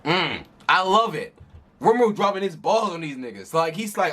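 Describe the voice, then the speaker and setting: A man casually reading and reacting to a manga, in an animated, slangy, worked-up way. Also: on the high side, moderate pace. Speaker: manga reader and commentator.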